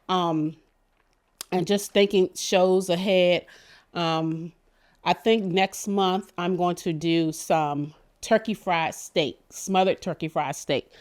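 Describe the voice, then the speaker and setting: A woman's voice: lowish voice, a little mellow. A middle-aged woman giving a casual cooking demonstration, telling chatty, rambling stories with many fillers. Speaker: cooking show cook.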